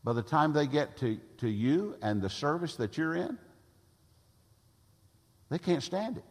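A man's voice: on the high side, very animated, a little slow, darkish tone. A man preaching a sermon as pastor, emphatic and repeating phrases for effect. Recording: long reverb of a large hall.

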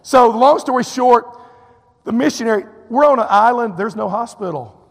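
A man from Texas preaching a sermon in a high, gravelly voice, telling a personal story in an animated way and acting out each person's lines. He often drops in "you know" asides. His voice rings out with the long reverb of a church hall. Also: moderate pace. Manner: animated, acts out quotes, drawling fillers.

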